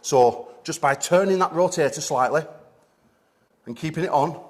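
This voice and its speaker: Brief: man, coach type, slightly winded, slightly higher voice, keeps asking "okay?" during a gym seminar demo. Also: moderate pace. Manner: energetic, coaching with frequent "okay?" check-ins. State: out of breath. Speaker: arm wrestling coach. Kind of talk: instructional seminar demonstration.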